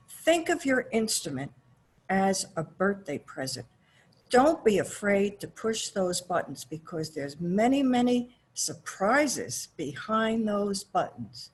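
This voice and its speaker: Slow, husky-voiced woman on a call. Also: mid-range voice. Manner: slow and halting, with restarts. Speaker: class participant. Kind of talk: call-in comment. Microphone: video call.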